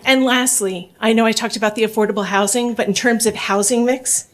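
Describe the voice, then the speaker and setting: A woman's voice: on the high side, steady tone, fairly quick. A middle-aged woman giving public comment at a borough council meeting, polite but urgent, mixing a prepared statement with off-the-cuff appeals. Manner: earnest, polite, urging, reads prepared points then speaks off the cuff.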